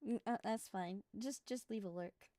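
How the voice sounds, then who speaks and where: A woman streaming a game live, excitable and giggly, breaking into shouts and laughter as she plays. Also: medium pitch, moderate pace, very noisy. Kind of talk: live gameplay commentary.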